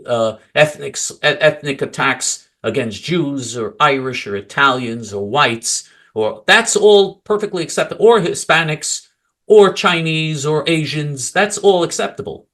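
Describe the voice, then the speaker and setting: A male political commentator ranting angrily and mockingly, swinging from loud outbursts to low mutters. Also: lively intonation, a little slow.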